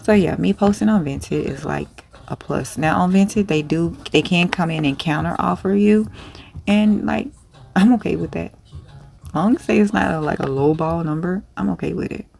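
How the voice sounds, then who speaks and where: A woman's voice: lowish voice, normal speed, vocal fry, darkish tone. A woman who sells clothes online, talking in a casual vlog in a rambling, blunt, profane way. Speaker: small online clothing seller.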